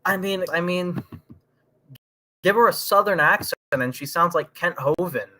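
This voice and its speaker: A man's voice: sits high, measured pace, sharp tone, a little hiss or hum. A man hosting a livestream, ranting heatedly in casual political chat, with frequent ums. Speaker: livestream host.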